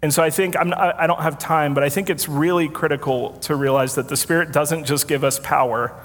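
A man's voice: fairly high pitch, steady tone, fairly quick. A man preaching a sermon as a pastor, telling a story in a casual, self-deprecating way and laughing often. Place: church sanctuary with congregation. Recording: long hall reverb.

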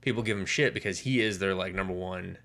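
Male podcast co-host, low gravelly voice, animated storyteller. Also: quick pace. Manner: animated storytelling, acting out quoted lines. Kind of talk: casual comic book podcast chat.

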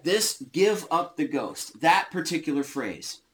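Man, Bible study teacher, slow unhurried delivery, emphatic, stresses key words. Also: fairly high pitch, very animated, a bit bright.

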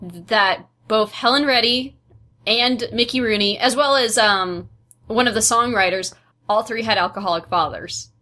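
A woman co-hosting a casual podcast about a film, chatty and halting, with restarts. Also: on the high side, bright, forceful tone. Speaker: podcast co-host.

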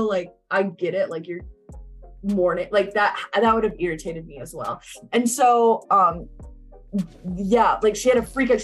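This is a young woman chatting casually as she recaps a film. She talks bluntly, swears freely and fills her sentences with "like". Her pitch sits in an ordinary middle range. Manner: chatty and blunt, swears a lot, says "like" often. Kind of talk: casual chat, recapping a movie.

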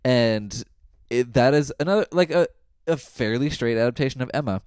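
A man's voice: medium pitch, normal speed, darkish tone, clear, resonant tone, no echo. Man, casual chat, wry quips, dry close sound.

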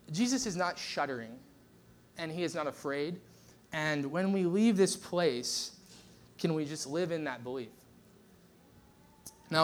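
A man preaching a sermon in a loose, conversational way. His voice sits a little high for a man. He jumps between stories and asides, full of fillers and quick restarts. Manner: conversational, animated storytelling with lots of fillers. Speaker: pastor.

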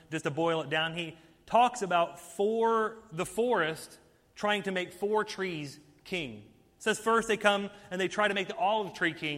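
A man's voice: fairly high pitch, fairly bright tone, in a large hall. A man preaching a sermon, retelling a story with playful asides. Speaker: pastor.

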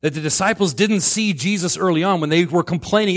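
A middle-aged man preaching a sermon as pastor, swinging between loud outbursts and hushed lines. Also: high voice, fairly quick.

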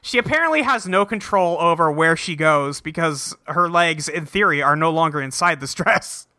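Young guy cohost rambling thru a cartoon recap, swears a lot, super bright voice. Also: on the high side, lively intonation, normal speed, no echo, clean studio sound. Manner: laughing, profane, rambling. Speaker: podcast host. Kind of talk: casual recap chat.

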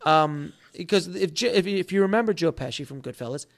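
Animated man telling a story. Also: fairly high pitch, brisk, gravelly. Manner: animated, acts out quotes in other voices. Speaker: author guest. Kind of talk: casual storytelling.

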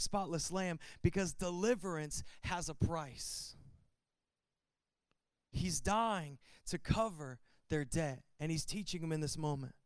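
A man's voice: on the high side, clear, resonant tone, no room sound. A man preaching a sermon as pastor, building emphasis with repetition and calls to open the Bible.

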